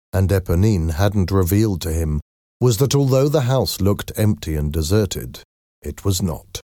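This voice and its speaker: A man narrating a story in a measured, steady storytelling voice. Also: low voice, dry recording, studio quality.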